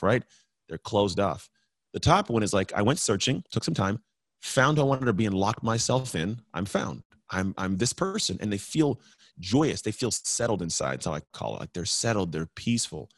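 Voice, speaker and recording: A middle-aged man with a fairly low voice and an energetic, story-driven way of talking. He pushes his pitch up sharply when he urges people to act. The recording is close and dry, with no room sound. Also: brisk, no echo. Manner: energetic, storytelling, rising emphatically when urging. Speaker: podcast guest, former pro athlete. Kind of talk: motivational conversation.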